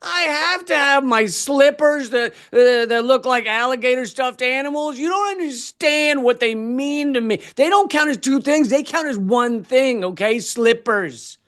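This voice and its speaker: A man's voice: extremely high pitch, unhurried, hardly any pauses, fairly bright tone, pitched above the performer's own voice. A man voicing a whiny, entitled person who insists on keeping their silly slippers. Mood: whiny indignant.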